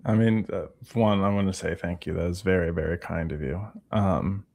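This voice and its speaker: A man on a casual livestream telling an animated story, acting out the voices of the people he quotes. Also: low voice, moderate pace, creaky. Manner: animated storyteller who acts out quoted dialogue. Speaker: guest.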